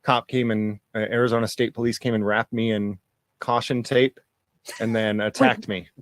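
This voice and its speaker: A man's voice: lowish voice, flat delivery, moderate pace, no echo. A man recounting an incident in a casual, easygoing way, laughing off grim events. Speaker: police accountability guest. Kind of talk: casual storytelling.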